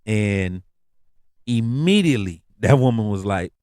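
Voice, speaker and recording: A man's voice: fairly low pitch, expressive, a little slow, a little mellow, clear, resonant tone, dry recording, studio quality. A man hosting a podcast, telling a story in a casual, laid-back way, full of slang and repeated phrases. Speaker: podcast host.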